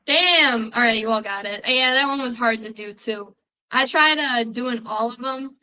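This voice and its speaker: A woman's voice: on the high side, moderate pace, pushed and bright, dull audio. A young woman with a Chicago accent hosting a casual podcast quiz, chatty and rambling, with many fillers and restarts. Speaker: podcast host running a quiz. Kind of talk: casual chat.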